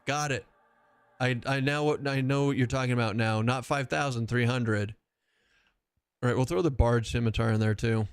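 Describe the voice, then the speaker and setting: A man's voice: mid-range voice, fairly even intonation, moderate pace, clean tone, no room sound, clean studio sound. A man streaming a game live, chatting casually with his viewers in a rambling way and swearing freely. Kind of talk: casual live-stream chat while playing.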